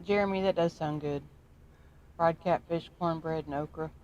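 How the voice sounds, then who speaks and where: A woman's voice: sits low, fairly even intonation, darkish tone, dull audio. A woman co-host in a casual chat, mostly chiming in with short comments and murmurs. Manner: short interjections and quick comments.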